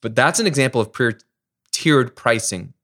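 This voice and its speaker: A middle-aged man from the United States hosting a solo podcast, explaining ideas in a lively, conversational way with everyday examples. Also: mid-range voice, normal speed. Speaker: podcast host. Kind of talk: casual solo podcast teaching.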